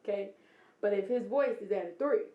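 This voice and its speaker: A woman's voice: mid-range voice, fairly quick, lo-fi sound. A married woman telling candid, laughing stories in a casual podcast chat. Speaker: podcast guest. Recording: echoey room.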